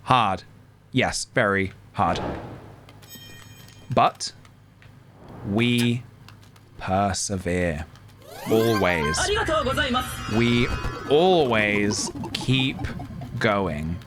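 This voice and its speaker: Very slow, wry male streamer. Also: lowish voice, expressive, music in the background. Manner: deliberate, wry, careful word choice. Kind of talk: live-streamed game commentary.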